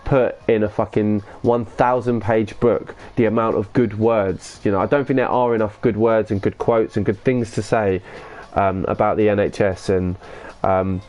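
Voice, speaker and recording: Excitable man streaming a game. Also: lowish voice, moderate pace. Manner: excitable banter with swearing and slang. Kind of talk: live gaming stream commentary reading chat.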